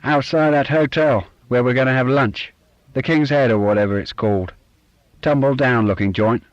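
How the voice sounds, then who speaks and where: A man's voice: medium pitch, moderate pace, no echo, dull audio, pitched above the performer's own voice, close to an everyday voice. A man putting on a blunt Cockney father. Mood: gruff. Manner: curt, bossy. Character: blunt Cockney father, middle-aged, short-tempered.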